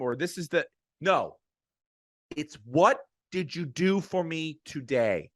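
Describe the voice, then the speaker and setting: A middle-aged podcast co-host rants heatedly about sports, his delivery emphatic and profane. His voice sits high and sounds a bit bright, recorded with studio quality and no room sound.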